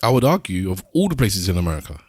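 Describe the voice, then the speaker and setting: A man's voice: deep voice, sing-song, quick pace, darkish tone, breathy edge, no room sound, studio quality. A man co-hosting a podcast, musing in easygoing casual chat. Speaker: podcast co-host.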